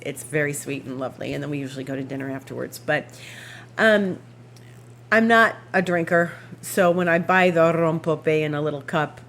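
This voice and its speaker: A woman hosting an astrology show, telling a rambling, animated story with frequent laughs and asides. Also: low-pitched, slight background noise. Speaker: astrology podcast host. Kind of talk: casual anecdotal storytelling.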